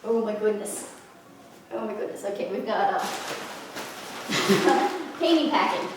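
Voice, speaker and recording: A young woman from Louisiana, excitedly unboxing a package and gushing and gasping in delight. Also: on the high side, takes it slowly, long pauses, background noise. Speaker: vlogger. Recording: echoey room, from a distance.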